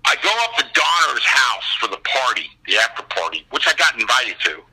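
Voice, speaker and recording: An older man, a guest actor, telling stories in a casual chat on a call, profane and animated. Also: mid-range voice, a little fast, rough recording.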